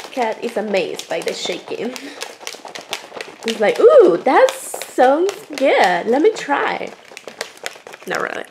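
A woman's voice: fairly high pitch, slight background noise. A woman vlogging casually as a vet tech, chatty, laughing often and talking to her cat. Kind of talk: casual vlog chat.

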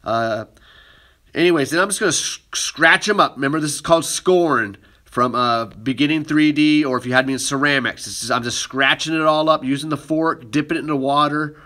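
Man, ceramics teacher, bright tone, easygoing hands-on demo talk. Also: a little high, fairly quick. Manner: relaxed, talks while working with hands. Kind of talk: casual demonstration lesson.

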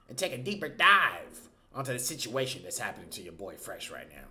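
A man's voice: medium pitch, huge pitch swings, fairly quick, few pauses, sharp tone. A young man hosting his own commentary channel who chats casually, keeps hyping the viewers up and tags almost every line with "okay?". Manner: hypes up the audience, tags lines with "okay?".

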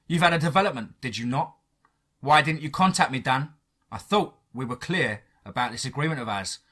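A man's voice: medium pitch, lively intonation, brisk. A man voicing a bullying, taunting male government agent in a horror story. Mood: sneering. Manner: sneering, loud, taunting.

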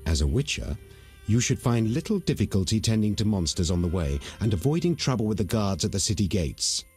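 A calm, wise elven druid in a video game. His voice is low, with a lively, rolling lilt. He speaks with measured courtesy, and faint music sits behind him. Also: breathy edge, full character voice.

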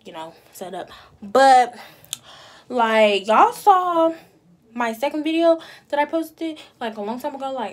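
A woman chats through a casual vlog voiceover with a breathy, slightly husky voice. She is playful and talks straight to her viewers, teasing them. At times her voice falls to a near whisper. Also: mid-range voice. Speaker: beauty vlogger.

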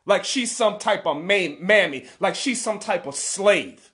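Indignant father ranting, higher-pitched man. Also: lively intonation, unhurried. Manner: indignant, repetitive, building to shouted emphasis. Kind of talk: angry direct-to-camera rant.

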